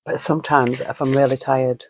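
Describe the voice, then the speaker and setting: A woman's voice: rumbling low, level tone, moderate pace, darkish tone, a little hiss or hum. A woman giving a casual spoken tarot reading, chatty and musing, with frequent fillers and easy laughs. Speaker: tarot reader.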